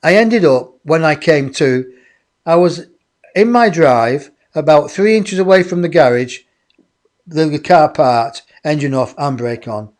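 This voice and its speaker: A man, a guest in an interview, telling a personal story in a lively way and acting out other people's voices. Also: a little high, measured pace. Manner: animated, acts out others' voices.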